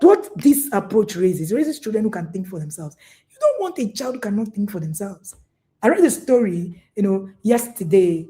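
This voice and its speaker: A woman's voice: medium pitch, dark tone. A woman, a parenting coach giving an emphatic live talk, often repeating herself. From Nigeria. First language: Igbo.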